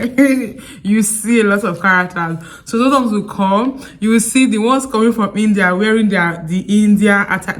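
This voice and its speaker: A woman with a Nigerian accent telling stories in a sit-down vlog, chatty and prone to digressions. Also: medium pitch. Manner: chatty, digressive, animated storytelling. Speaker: vlogger.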